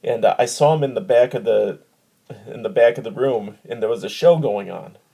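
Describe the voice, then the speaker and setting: A man hosting a podcast, telling stories and asking questions in a relaxed, easygoing way. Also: mid-range voice, moderate pace, creaky, slightly rough. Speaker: podcast host. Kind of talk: casual chat and storytelling.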